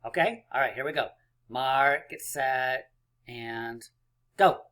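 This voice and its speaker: A man's voice: mid-range voice, takes it slowly, fairly bright tone. A male teacher leading a counting lesson for young children, encouraging and playful as he counts dots aloud.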